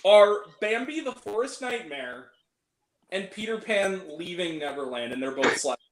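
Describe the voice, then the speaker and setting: A young man chats about movies on a live stream, animated and quick to laugh, often dropping into silly voices to quote people. His voice sits high and swings widely in pitch. The room around him is noticeably echoey. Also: slight background noise. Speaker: movie review co-host. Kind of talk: casual live-stream chat.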